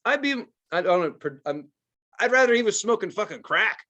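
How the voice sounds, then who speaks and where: A man's voice: sits high, a little fast, highs cut off. Profane storytelling podcast guy. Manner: profane, animated storytelling with loud acted-out quotes. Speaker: podcast co-host. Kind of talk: casual podcast chat.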